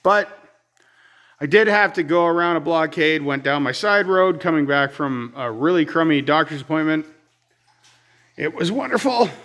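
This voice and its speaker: Exasperated man, slightly high voice. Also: animated, moderate pace, a bit bright. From Ontario, Canada. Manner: rambling, exasperated, wry storytelling. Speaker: vlogger. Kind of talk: casual outdoor vlog storytelling. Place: outdoors on a rural homestead by a fire.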